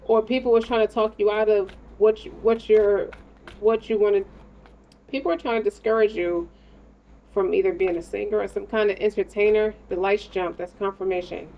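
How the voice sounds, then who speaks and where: A woman with a medium-pitched, fairly even voice at a moderate pace gives a casual tarot reading, rambling in slangy, profane speech aimed straight at the listener. The recording sounds dull and lo-fi, with faint noise.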